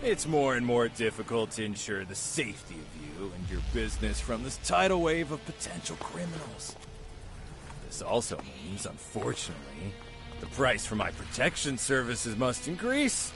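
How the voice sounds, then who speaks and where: An actor playing a smug, condescending extortionist who threatens a shopkeeper in a video game, speaking in a slow, deliberate, patronizing way. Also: male voice, medium pitch, sing-song, music in the background. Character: menacing adult male extortionist, smug and condescending. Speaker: protection-racket villain.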